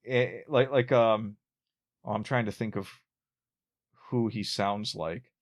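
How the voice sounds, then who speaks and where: A man's voice: lowish voice, slow. A man co-hosting a podcast, chatting casually about a classic sitcom, rambling with frequent restarts and chuckling at his own jokes. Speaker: podcast co-host.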